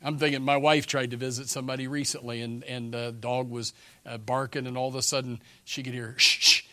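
A man delivers a church sermon in a folksy, storytelling way, stumbling and restarting as he goes. His voice is bright and forceful and sounds close and dry, and he drops to a hush before bursting out loud. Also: medium pitch, little pitch movement, fairly quick, no room sound. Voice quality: restarts and repeats words often. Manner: folksy storytelling, swings from hushed to shouting. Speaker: preacher.

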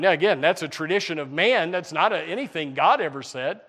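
A man's voice: high voice, big pitch swings, fast talker, hardly any pauses, fairly bright tone. A male pastor preaching a folksy sermon and breaking now and then into mocking put-on voices.

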